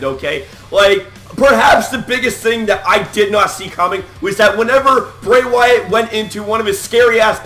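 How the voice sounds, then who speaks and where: A young man ranting excitedly and profanely about wrestling results, with lots of "like" and "man" as filler. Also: sits high. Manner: animated, profane, hyped, repeats "like" and "man". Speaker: wrestling reaction vlogger. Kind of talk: casual excited reaction rant. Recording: echoey room, faint music behind.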